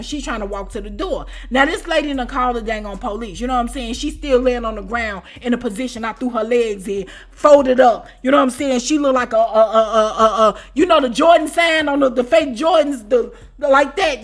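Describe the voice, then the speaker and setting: A woman host telling a casual storytime to her viewers, animated and slangy. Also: on the high side, brisk, hardly any pauses.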